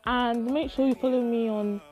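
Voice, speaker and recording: A woman's voice: on the high side, fairly even intonation, normal speed, a little mellow, soft background music. A young woman telling a story to her vlog audience, dramatic and swearing, acting out her own reactions. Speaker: YouTube vlogger. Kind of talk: animated storytime retelling.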